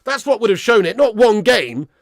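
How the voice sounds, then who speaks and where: A man's voice: sits high, very animated, normal speed, creaky, no echo, clean studio sound. A young man hosting a casual live stream about football, reading chat comments aloud and answering them bluntly, with plenty of swearing.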